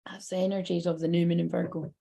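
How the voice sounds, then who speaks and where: A Scottish woman with a gravelly edge of fry to her voice gives a casual live tarot reading. She talks in a loose, chatty way, swears freely and laughs often. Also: on the low side, flat delivery, fast talker, dark tone. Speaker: psychic tarot reader.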